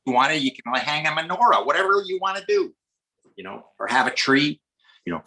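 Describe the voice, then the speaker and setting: A man putting on a folksy Chicago man with a Chicago accent, eagerly offering hospitality. The voice sits noticeably higher than his usual talk and has a bright edge. It is a light comic impression. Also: sing-song, fairly quick, heavily acted, rough recording. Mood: welcoming. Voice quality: folksy, welcoming. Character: friendly hospitable Midwestern man.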